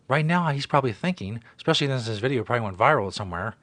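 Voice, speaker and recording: Profane ranting man, lively pitch. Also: racing, hardly any pauses. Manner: profane, exasperated ranting, swinging from mutters to yelling. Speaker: host reacting to a viral video. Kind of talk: ranting commentary.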